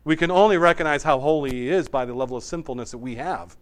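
A man preaching a sermon as pastor, swinging between emphatic raised passages and quiet, hushed asides. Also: mid-range voice, fast.

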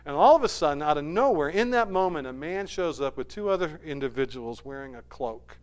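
High smooth-voiced guy telling a movie story like a sermon, gets loud then goes quiet. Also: fairly quick. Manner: animated retelling with sudden soft drops.

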